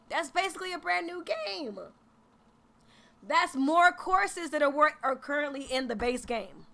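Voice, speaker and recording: A woman in her thirties streaming about games in a casual, animated, profane way. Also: high voice. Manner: animated, profane, emphatic, slangy. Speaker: gaming streamer. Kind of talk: casual livestream reaction.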